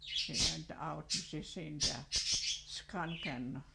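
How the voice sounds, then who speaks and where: An elderly grandmother tells a traditional tale in a slow, halting manner. Her voice is gravelly and unhurried. A steady hiss runs under this old field recording. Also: low-pitched. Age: older. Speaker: storyteller. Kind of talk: traditional storytelling and chanted song.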